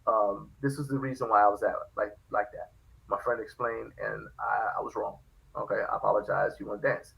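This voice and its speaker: A man's voice: lowish voice, steady tone, a little fast, creaky, fairly bright tone, poor audio. A man hosting a podcast, telling a story in casual chat and acting out the quoted lines. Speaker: podcast host.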